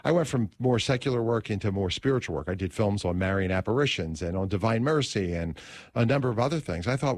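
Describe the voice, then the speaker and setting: A middle-aged man with a fairly low speaking voice tells a personal story in an interview. He is an animated storyteller who acts out the scenes and often stumbles and restarts his phrases. The sound is close and dry. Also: quick pace, no room sound. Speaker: talk radio host.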